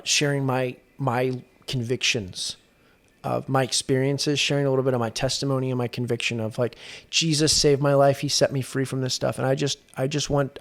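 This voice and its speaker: A young adult man, a guest on a podcast, speaking earnestly in casual conversation and often restarting his sentences. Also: mid-range voice. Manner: earnest storytelling with frequent restarts. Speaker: guest, exorcist.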